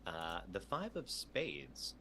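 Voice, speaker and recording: A man's voice: low voice, huge pitch swings, slow pace, sharp tone, slight background noise. A man running a tabletop game over a video call, reading prompts aloud in an easygoing way. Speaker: game master.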